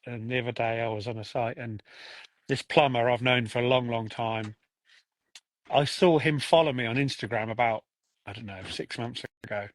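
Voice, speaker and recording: A man's voice: medium pitch, fairly even intonation, moderate pace, no room sound. Chatty man hosting a podcast. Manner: chatty, enthusiastic, laughs easily. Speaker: podcast host. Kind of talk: casual chat.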